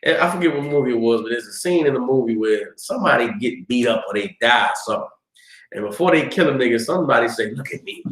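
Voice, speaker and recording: A man teaching a scripture class, telling the story in a lively way and acting out screams and cries. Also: mid-range voice, fast talker, roomy sound, rough recording. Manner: animated storytelling, acts out screams.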